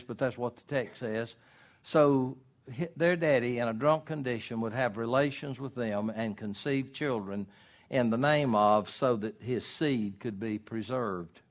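A middle-aged man preaching a homespun sermon. He moves between quiet asides and loud, drawn-out emphatic lines. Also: mid-range voice. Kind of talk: folksy sermon.

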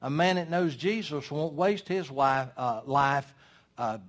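An older man preaching a sermon in a folksy, emphatic way, with dramatic pauses. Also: on the high side.

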